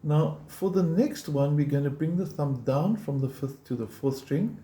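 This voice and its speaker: A man's voice: fairly high pitch, moderate pace. A man teaching a guitar lesson, explaining picking step by step in a patient, encouraging way and counting beats aloud. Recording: roomy sound with loud guitar playing.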